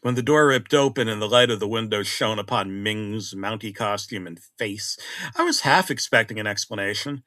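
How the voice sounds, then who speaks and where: A middle-aged man narrating a horror story in a conversational way, swinging between loud exclamations and hushed asides. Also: lowish voice, moderate pace, no room sound, clean studio sound.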